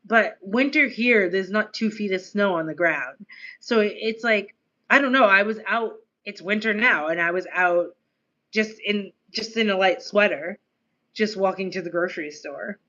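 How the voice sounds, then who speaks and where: American woman, casual streamer, hint of Australian lilt, rambling and filler-heavy, bright tone. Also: mid-range voice, moderate pace, lo-fi sound. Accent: American, slightly Australian-tinged. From United States. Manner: chatty, rambling, lots of "like" and laughing asides. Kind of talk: casual live-stream chat.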